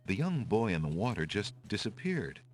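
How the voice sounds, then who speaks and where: An actor voicing the calm male narrator of an adventure game, measured, with a dry wit. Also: fairly low pitch. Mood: wry.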